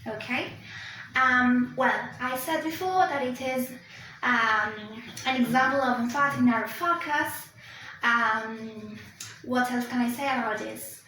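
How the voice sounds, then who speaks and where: A woman's voice: fairly high pitch, a little slow, pushed and bright, a little hiss or hum. A young woman whose first language is Spanish, giving a class presentation, explaining step by step with many fillers. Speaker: student presenter. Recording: echoey room, distant mic.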